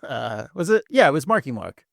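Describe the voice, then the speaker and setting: A man co-hosting a podcast in relaxed, rambling chat, laughing often. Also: medium pitch, a little fast, vocal fry, dry recording, studio quality. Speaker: podcast co-host. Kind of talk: casual chat.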